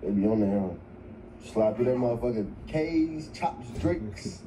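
A man's voice: mid-range voice, animated, unhurried, dark tone. A man in casual group chat, bantering in slangy, joking talk. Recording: noisy casual recording.

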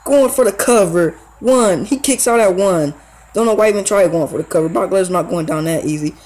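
A man's voice: sits high, a little fast, rough recording. A young man giving casual, slangy play-by-play commentary on his own wrestling video game match. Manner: slangy, excitable play-by-play with fillers. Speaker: gaming YouTuber.

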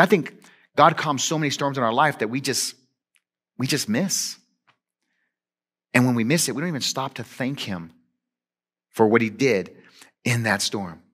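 Guy preaching a sermon, pretty high voice, talks casual then drops real quiet. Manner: animated, conversational preaching with emphatic swings from loud to hushed. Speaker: pastor.

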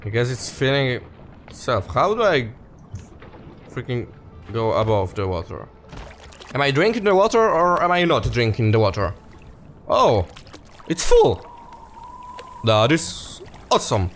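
Excitable let's player, very lively pitch, slow delivery. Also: male voice, slight background noise. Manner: excitable, laughing, talks to viewers as guys. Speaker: gaming youtuber. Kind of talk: casual let's play commentary.

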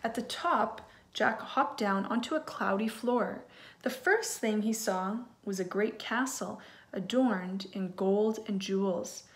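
A woman teacher reading a children's storybook aloud in an expressive way, with asides to her listeners. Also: mid-range voice, takes it slowly.

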